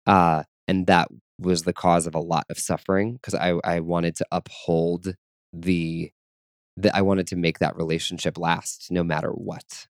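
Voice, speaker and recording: Man, very low voice, earnest, reflective chat, dry close sound. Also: no echo. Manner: earnest, searching, many fillers and restarts. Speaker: guest.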